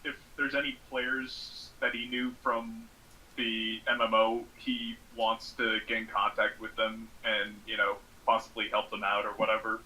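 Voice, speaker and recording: A man's voice: fairly low pitch, little pitch movement, a little slow, bright, forceful tone, rough recording. A man in casual podcast chat, speaking hesitantly with frequent fillers. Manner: hesitant, full of fillers and restarts. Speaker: podcast guest.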